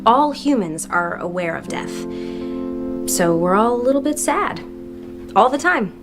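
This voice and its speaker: An actress playing a gentle, candid human woman who consoles an immortal being in a TV comedy. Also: a little high, animated, a little slow. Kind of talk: TV sitcom dialogue. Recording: clip with guitar music behind.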